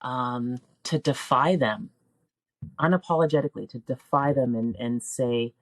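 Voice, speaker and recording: A woman's voice: a bass voice, unhurried, no room sound. A woman in her forties, a teacher and filmmaker, talking as a podcast guest in a heartfelt, searching way with restarts. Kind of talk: reflective podcast interview.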